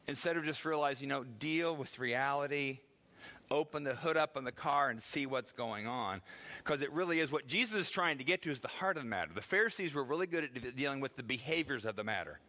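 A man's voice: fairly high pitch, lively intonation, brisk, sharp tone. A middle-aged man preaching a sermon in a conversational way, acting out the voices he quotes and laughing now and then. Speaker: pastor.

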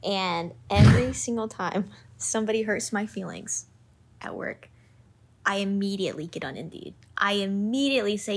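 A woman in her twenties talks in a casual, confessional way, laughing as she goes. Her voice has a slightly husky, breathy edge. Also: medium pitch, lively intonation, moderate pace. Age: 20s. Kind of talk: casual comedic podcast chat.

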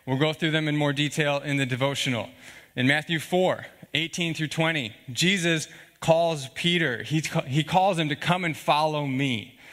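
A male pastor delivering a sermon with a bright, forceful voice pitched a little above the usual for a man. He talks conversationally and earnestly, dropping frequent check-in asides to his listeners. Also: moderate pace. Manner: earnest, conversational preaching with asides like "okay?" and "all right?".

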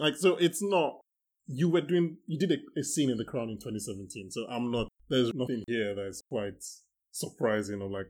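A man's voice: mid-range voice, a little fast. Joking casual podcast host, man. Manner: animated, joking, acts out quotes. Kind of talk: casual chat.

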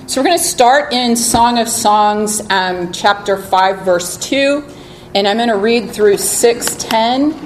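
A woman's voice: a little high, slow pace, a little hiss or hum, poor audio. A woman preaching a sermon in a chatty, conversational way, reading scripture aloud with expression.

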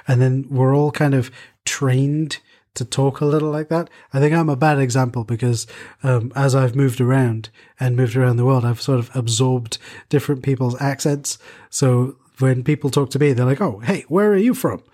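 A man's voice: medium pitch, little pitch movement, normal speed, dark tone. A man co-hosting a casual podcast chat, rambling with restarts and frequent ums.

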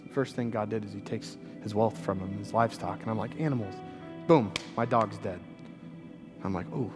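An earnest pastor in his thirties preaches, his voice rising into emphatic, repeated lines and then sinking low and quiet as he shares a personal story.

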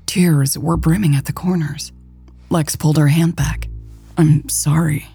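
A woman narrating a romance story in a calm, even storytelling voice. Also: deep voice, normal speed, creaky, husky, faint music behind. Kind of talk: scripted audiobook narration.

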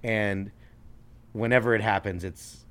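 Laid-back podcast host. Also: male voice, on the low side, fairly even intonation, unhurried, fairly bright tone, smooth. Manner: laid-back, chuckling, hesitant. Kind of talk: casual chat.

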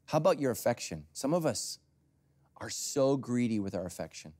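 Male pastor, sermon, lively expressive pitch, loud emphasis then near whispers, storytelling. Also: normal speed.

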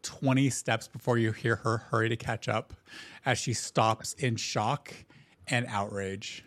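A man narrating as game master of a tabletop role-playing game, describing scenes in a relaxed way. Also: mid-range voice, a little slow. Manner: relaxed, descriptive, with frequent restarts.

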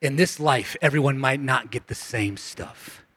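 A male pastor preaching a passionate sermon to his congregation, calling for responses and swinging between shouts and hushed lines, his voice going hoarse. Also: mid-range voice, measured pace, dry recording. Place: church sanctuary.

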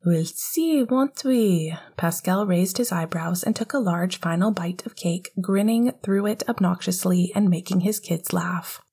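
A woman narrates an audiobook in a soft, half-whispered delivery. Her voice is husky and mellow, and it sits slightly low. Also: steady tone, moderate pace, few pauses.

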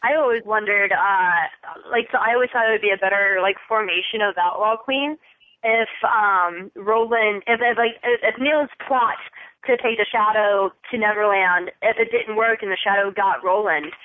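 A woman's voice: medium pitch, normal speed, no room sound. A woman co-hosting a casual fan discussion from her room over an online call, rambling with restarts. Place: home room. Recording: tinny phone-like call audio.

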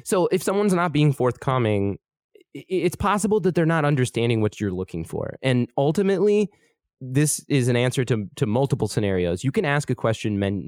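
A man's voice: mid-range voice, a little mellow, no echo, studio quality. A man, a podcast producer, giving casual advice in a conversational way, rephrasing and restarting as he goes.

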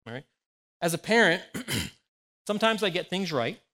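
A man in his forties preaches in a relaxed, conversational way. He tells homely stories to make his points. His voice sits notably high for a man. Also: moderate pace, big-room sound. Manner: conversational, anecdotal, animated storytelling. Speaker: pastor. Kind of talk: sermon.

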